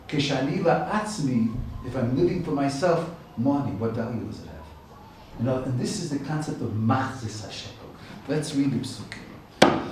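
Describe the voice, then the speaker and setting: A man's voice: mid-range voice, darkish tone, a little hiss or hum. A man giving a Torah lecture at a yeshiva, explaining each Hebrew term in English, repeating his phrases and building to emphatic points. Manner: rises to emphatic peaks on key points. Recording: very echoey room, distant mic.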